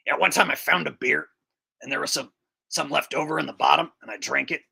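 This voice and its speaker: A man voicing a dim-witted teenage cartoon boy who brags and whines in a gravelly, nasal voice. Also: a little high, fairly even intonation, a little fast, sharp tone, exaggerated voice. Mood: bragging. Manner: boastful and whiny.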